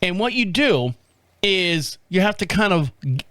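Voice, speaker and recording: A man's voice: high voice, big pitch swings, a little slow, a bit bright, no echo. A man hosting a casual radio podcast from a studio, telling rambling stories and chuckling often. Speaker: podcast host.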